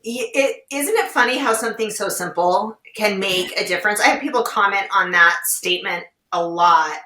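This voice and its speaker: A woman's voice: medium pitch, normal speed, slight background noise. A woman guest on an interview podcast, talking casually and telling stories expressively. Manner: expressive storyteller, animated retellings. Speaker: podcast guest, legal well-being director. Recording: roomy, distant-mic sound.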